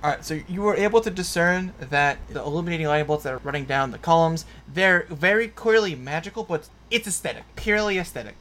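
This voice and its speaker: A man's voice: fairly high pitch, expressive, fast talker, few pauses, a bit bright. Casual, rambling game master man. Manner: casual, filler-heavy description. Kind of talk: narrating a tabletop game.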